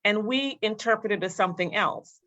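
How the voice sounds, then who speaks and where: A woman on a church panel speaks at a measured pace and thinks her point through. Her pitch sits in a middling range. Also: fairly bright tone, highs cut off. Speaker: panel guest. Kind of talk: casual panel discussion.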